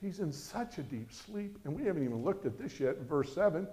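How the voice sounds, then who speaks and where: A man preaching a sermon as pastor, animated and acting out quoted voices. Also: fairly high pitch, a little fast, slight background noise.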